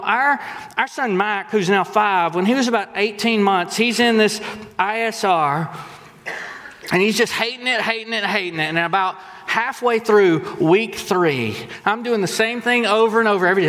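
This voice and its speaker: A man's voice: high voice, normal speed. A man, preaching a sermon as pastor, telling stories animatedly and acting out quotes. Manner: animated storytelling with acted-out quotes. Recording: long hall reverb.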